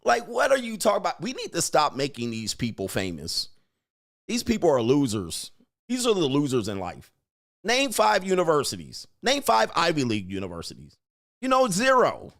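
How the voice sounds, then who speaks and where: A man hosts a heated commentary rant. His voice sits a bit high and swings widely as he mocks people by imitating them. His talk is full of slang. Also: huge pitch swings, moderate pace, a bit bright. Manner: mocking, mimics others, heavy slang. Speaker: host. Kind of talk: ranting commentary.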